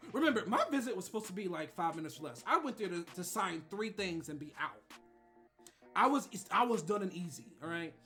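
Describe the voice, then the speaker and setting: A man streamer telling a funny story in a casual, animated way, with frequent laughter and swearing. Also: high voice, a little fast, faint music behind.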